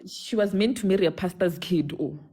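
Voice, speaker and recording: Woman, South African accent, young adult, animated, code-switching, casual storytelling, low warm voice. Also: a little fast. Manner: animated, switching between English and a local language mid-sentence. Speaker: caller telling a story. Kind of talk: casual storytelling on a live stream.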